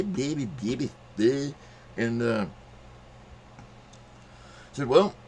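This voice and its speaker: A man's voice: medium pitch, slight background noise. A middle-aged man telling a rambling, profane story in casual monologue, acting out quotes in a raised voice. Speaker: channel host telling a story.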